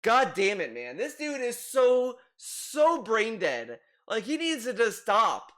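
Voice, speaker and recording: A man giving a ranting reaction commentary, sarcastic and exasperated, with plenty of swearing. His voice has a bright, sharp edge throughout. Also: very high-pitched, huge pitch swings, slow. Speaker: commentary YouTuber.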